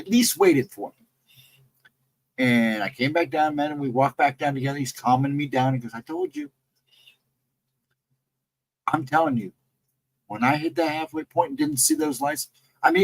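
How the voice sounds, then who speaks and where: A man casually telling a personal encounter story, rambling and jumping sharply higher in pitch when he quotes himself. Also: gravelly, breathy edge, no echo, low-quality recording. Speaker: guest storyteller.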